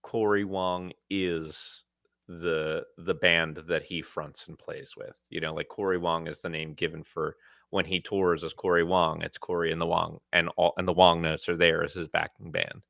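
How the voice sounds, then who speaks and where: A man's voice: deep voice, flat delivery, moderate pace, gravelly, fairly bright tone, dry recording, studio quality. A man co-hosting a live podcast, chatting casually and wryly as he rates music. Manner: wry, joking. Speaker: podcast co-host. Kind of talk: casual review chat.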